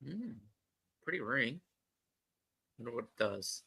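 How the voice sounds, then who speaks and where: Male player, very bright voice, swooping pitch, dry close mic, joking around. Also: very animated, slow pace, gravelly, breathy edge. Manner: playful, jokey. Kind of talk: casual tabletop play.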